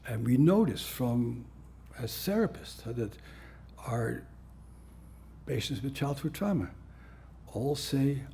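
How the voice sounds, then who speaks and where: A man lecturing at a conference with a gravelly, mellow voice. He talks bluntly and conversationally, with wry asides, at a medium pitch, over a faint background hiss. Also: lively intonation, slow pace. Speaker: psychiatrist lecturer.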